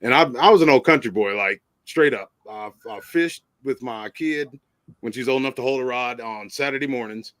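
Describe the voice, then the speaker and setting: A man's voice: medium pitch, moderate pace, a bit bright, no room sound. A man hosting a live stream, telling a long story in casual chat, stammering and laughing as he goes. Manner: rambling, stammering, laughs often.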